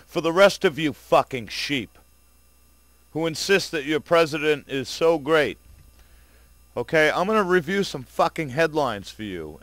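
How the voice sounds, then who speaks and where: A man's voice: medium pitch, fairly bright tone, dry recording. A man in an angry, profane, sarcastic video rant, addressing his viewers directly. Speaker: vlogger.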